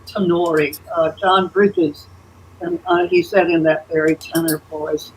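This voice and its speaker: A woman's voice: on the low side, normal speed, a little hiss or hum, low-quality recording. An elderly woman storyteller chatting casually on a video call, telling anecdotes with many "uh"s and "you know"s. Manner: warm anecdotal, chuckling asides, frequent "uh" and "you know". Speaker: storyteller guest.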